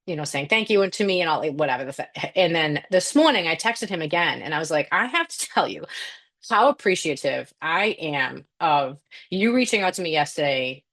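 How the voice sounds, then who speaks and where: Lively, laughing woman telling a story. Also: low voice, fairly quick. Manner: animated storytelling, laughs often, swears. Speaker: podcast co-host, nurse. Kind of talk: casual chat.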